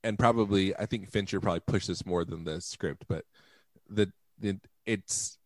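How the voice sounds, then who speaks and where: Playful low-voiced man, rambling chat. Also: normal speed, no room sound. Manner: rambling, playful, sings snatches of songs. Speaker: podcast co-host. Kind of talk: casual chat.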